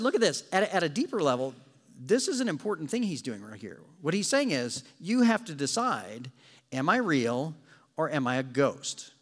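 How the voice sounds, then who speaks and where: In a church, a male pastor delivers a sermon in a high voice that swings up and down. He tells the story with animated drama and slips in joking asides, all under a long hall reverb.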